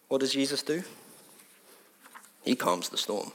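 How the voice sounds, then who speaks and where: A man preaching a sermon in a conversational, animated way, repeating phrases for emphasis. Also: medium pitch, a little slow, long pauses.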